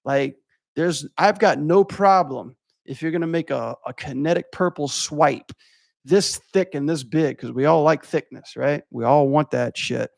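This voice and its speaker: A man's voice: fairly high pitch, measured pace, gravelly, no room sound, clean studio sound. A young adult man from Louisiana, rambling and swearing as he critiques animation for his stream chat. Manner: rambling, profane, filler-heavy.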